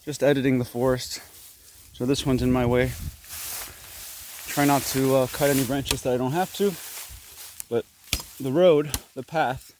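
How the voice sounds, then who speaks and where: A man from Korea vlogging as he clears his fruit garden outdoors, musing in rambling asides and talking while chewing. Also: mid-range voice, fairly even intonation, unhurried, long pauses, a little mellow, slight background noise. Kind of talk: casual walk-and-talk vlog. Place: outdoors in an overgrown tropical garden.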